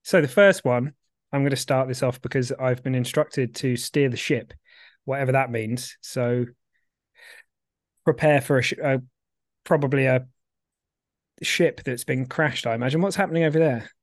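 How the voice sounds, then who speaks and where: A man's voice: mid-range voice, moderate pace, long pauses, no room sound, clean studio sound. A man co-hosting a casual podcast chat, giggly and self-mocking. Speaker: podcast co-host.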